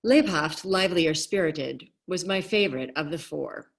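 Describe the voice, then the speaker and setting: Woman reading her novel aloud over video call. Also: fairly low pitch. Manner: measured, expressive reading, apologetic asides.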